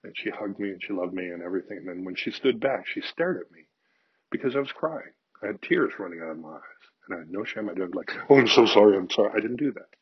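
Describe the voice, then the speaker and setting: Low husky older man, frank monologue. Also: lively intonation, fast, no echo. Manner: frank and confessional, swears casually, drops to near-whisper in stories. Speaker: speaker sharing personal views. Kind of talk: candid personal monologue. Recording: dull lo-fi, dry sound.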